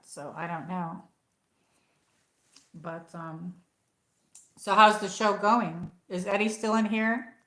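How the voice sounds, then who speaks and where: A woman's voice: on the low side, fairly bright tone, roomy sound, poor audio. A woman hosting a casual livestream, chatting in a rambling way with many fillers while answering viewers. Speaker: livestream host. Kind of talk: casual livestream chat reading comments.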